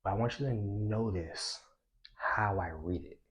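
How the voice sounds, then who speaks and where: A man coaching viewers on social confidence, talking with energy and swinging between a loud voice and a hushed one. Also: on the low side, measured pace, lo-fi sound. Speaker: self-improvement coach. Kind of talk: instructional talk to camera.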